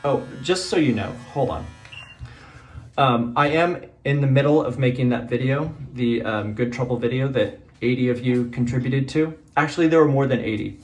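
In a casual phone vlog, a nervous teacher sits in the bathtub of a small bathroom, rambling and exclaiming to himself. The phone is propped nearby, and his mid-range voice moves at normal speed with a slightly mellow quality.

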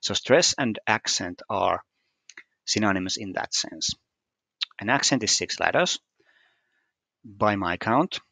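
A man's voice: on the low side, expressive, takes it slowly, gravelly, long pauses, pushed and bright, dry recording. A man walking through a puzzle solution step by step, hesitant and methodical, with frequent fillers. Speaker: puzzle solver explaining solutions. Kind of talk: screen-recorded puzzle walkthrough.

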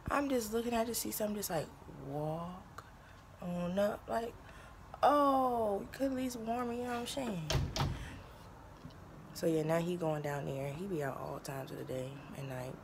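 A woman's voice: fairly low pitch, moderate pace, noisy background. A woman vlogging casually from her home kitchen, chatting to her pets and viewers as she cooks. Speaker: lifestyle vlogger. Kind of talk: casual chat.

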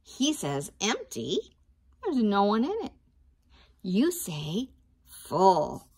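Woman teacher, storytime read-aloud for young kids; unhurried, animated pitch, slightly raspy. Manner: slow, expressive, sing-song storytime delivery. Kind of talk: reading a picture book to children.

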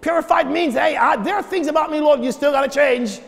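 A pastor delivers a sermon from the pulpit, stumbling over repeated words before bursting into shouted prayers. His voice sits very high for a man. The sound trails off in the long reverb of a big church hall. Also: brisk, vocal fry.

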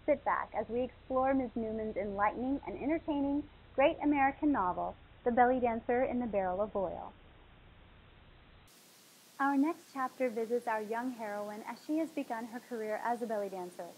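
A woman hosting a talk show, reading a novel aloud in a dramatic, expressive way. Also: a little high, moderate pace, slight background noise, rough recording.

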